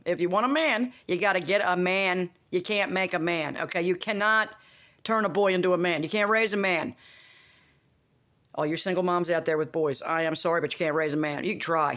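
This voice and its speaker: A woman's voice: fairly low pitch, fairly bright tone. A woman talking in a casual, rambling monologue, blunt and profane, often making buzzing sound effects. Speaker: vlogger.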